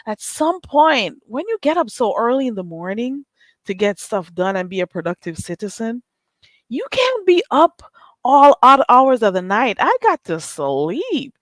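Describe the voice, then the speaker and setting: A woman's voice: fairly high pitch, sing-song, unhurried, dry recording. A middle-aged woman, hosting a casual live stream, teasing and sarcastic as she greets her chat and laughs often.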